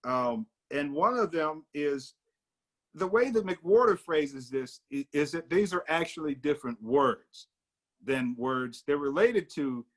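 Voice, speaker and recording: A man's voice: a little high, animated, unhurried. Man, discussion leader, casual and reflective, plenty of ums and restarts. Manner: thoughtful, many fillers and restarts.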